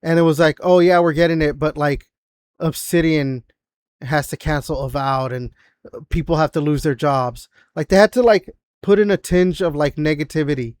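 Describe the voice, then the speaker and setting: A man's voice: fairly high pitch, moderate pace, darkish tone, no room sound. Rambling, cursing young-sounding man, dry close mic. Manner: rambling, filler-heavy, profane. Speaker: podcast co-host. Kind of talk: casual gaming podcast chat.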